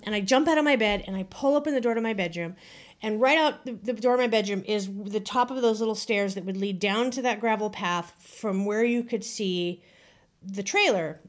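A slightly high-voiced woman tells a story from her teens in a relaxed podcast chat. She rambles with fillers like "um" and "like", then builds toward the dramatic moments. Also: moderate pace. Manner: chatty, many fillers, builds suspense. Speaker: podcast guest telling a story. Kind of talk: casual storytelling.

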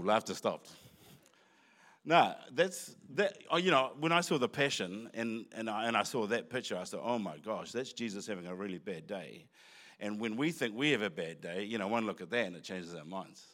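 A man's voice: fairly low pitch, expressive, normal speed, fairly bright tone. A man preaching a sermon in church, talking conversationally with asides and restarts. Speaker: pastor.

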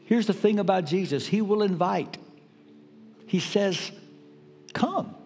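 An older man preaching a sermon as pastor, emphatic with dramatic pauses. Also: sits high, a little mellow, soft background music. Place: church sanctuary. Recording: reverberant church hall.

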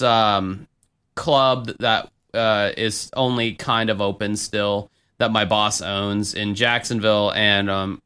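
Young male podcast host, bright and smooth, rambling and cursing. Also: medium pitch. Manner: rambling, swears, many fillers. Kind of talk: casual storytelling.

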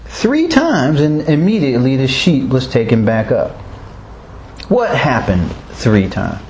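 A man with a mid-range, darkish voice leads a Bible study in an unhurried, sing-song way. He asks the group questions and chuckles often while explaining. The recording has a roomy echo and faint background noise.

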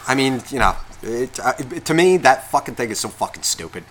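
This podcast co-host tells a lengthy story in a casual, profane, animated way, acting out everyone's words. His voice is medium-pitched and brisk, with a little hiss or hum in the background.

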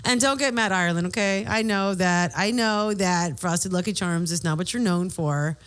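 A woman's voice: lowish voice, normal speed. A woman co-hosting a podcast in casual chat, talkative, laughing easily and swearing casually. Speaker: podcast co-host. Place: bar.

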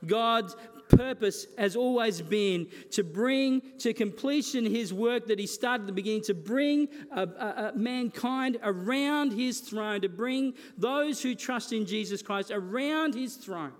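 A man's voice: very high-pitched, measured pace, few pauses. A man preaching a sermon as a pastor, earnest and building his points through repeated phrases. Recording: long reverb of a large hall.

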